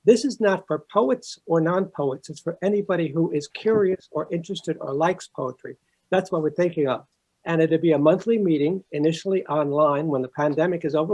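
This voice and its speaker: A man speaks over a video call as committee chair. He sounds earnest, with a slightly high voice, as he thanks the guest and announces plans for new events. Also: a little fast, darkish tone, rough recording. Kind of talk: closing remarks at an online event.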